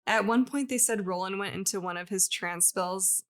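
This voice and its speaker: A woman's voice: mid-range voice, moderate pace, a bit bright. A woman co-hosting a podcast, telling a story in casual chat with frequent laughs and fillers. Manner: chatty, laughs often, many likes. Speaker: podcast co-host.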